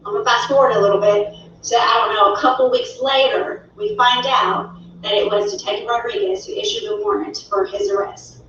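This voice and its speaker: Bright-voiced woman in an echoey room. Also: a little high, lively intonation, brisk, slight background noise. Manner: emotional, outspoken retelling. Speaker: wife telling her side. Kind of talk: personal storytelling. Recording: very echoey, distant, dull audio.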